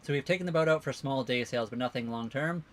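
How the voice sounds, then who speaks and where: Fast-talking man on a livestream. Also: mid-range voice, a little hiss or hum. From Canada. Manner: rambling, answers viewer questions. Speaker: livestream co-host. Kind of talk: casual livestream chat.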